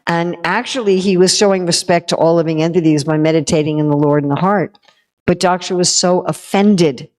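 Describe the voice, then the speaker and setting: A woman with a lower voice giving a devotional talk, telling an old story like she is chatting with friends. She mixes teaching with wry, self-aware humor and quick conversational asides. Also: darkish tone. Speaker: spiritual teacher.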